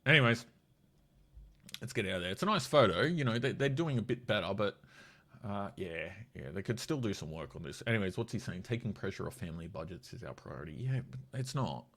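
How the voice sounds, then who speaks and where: A man's voice: lowish voice, expressive, a little fast, a bit bright. An Australian man with a cold giving blunt, sweary, mocking commentary in a casual political rant. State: has a cold.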